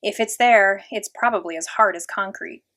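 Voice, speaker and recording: A woman acts out a goofy, hyperactive schoolboy, the class clown of a storybook classroom. He rambles fast and insists on his point, raising his voice eagerly. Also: medium pitch, fairly bright tone, natural voice. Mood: excitable.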